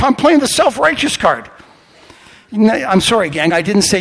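A male pastor preaching a sermon, telling stories animatedly and swinging from quiet asides to loud outbursts. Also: high-pitched, sing-song, moderate pace, vocal fry, long reverb tail.

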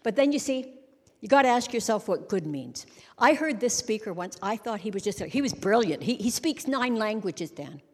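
This middle-aged woman's voice is medium-pitched and expressive, moving at normal speed. Preaching a humorous sermon from a church stage, she jokes wryly and acts out little scenes, and the recording carries long hall reverb.

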